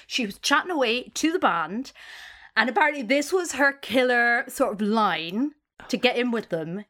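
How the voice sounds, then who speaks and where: A woman's voice: on the high side, animated, moderate pace, bright, forceful tone. A woman co-hosting a comedy podcast, narrating a story in a playful, theatrical way. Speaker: co-host.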